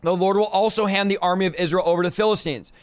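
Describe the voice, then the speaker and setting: Guy with a high voice preaching hard on his podcast, fervent, talking right to you. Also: steady tone, rapid-fire, clear, resonant tone. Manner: fervent, exhorting the listener directly. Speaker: podcast host. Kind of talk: preaching Bible teaching.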